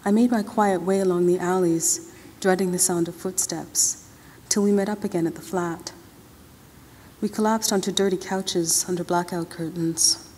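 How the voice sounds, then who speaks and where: Her voice low-ish and dark, a woman writer reads her own novel at an awards ceremony in casual, drawling first-person narration. She's at a podium mic in a large hall with long reverb and faint background noise.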